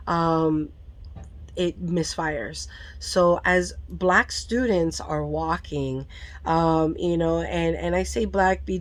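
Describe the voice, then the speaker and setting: A mother telling a frank personal storytime, emotional and full of swearing, tearful at times. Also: low-pitched. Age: adult parent of a school-age child. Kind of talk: candid storytime vlog.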